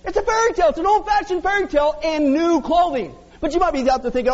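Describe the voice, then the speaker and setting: A pastor preaches to his congregation in a church hall, joking and sarcastic, with a very high-pitched voice, lively intonation, and fast delivery with few pauses. The lo-fi audio sounds dull, with long hall reverb.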